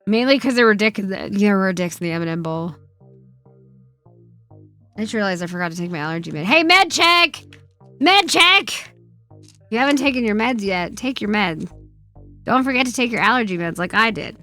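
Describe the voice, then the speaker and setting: A woman's voice: medium pitch, brisk, pauses often, a bit bright, soft background music. A woman streamer in casual live-stream chat, reading viewer questions aloud and answering with profane, teasing banter. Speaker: streamer host.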